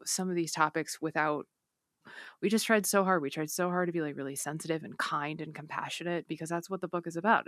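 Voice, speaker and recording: A young woman chats as a podcast guest, her low-set voice bright and forceful and her delivery animated, with lots of "like" and restarts and a few curses thrown in. The sound is dry and close, with no room around it. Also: dry recording. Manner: animated, swears freely, many fillers and restarts. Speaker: guest, author of a book. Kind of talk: casual podcast chat.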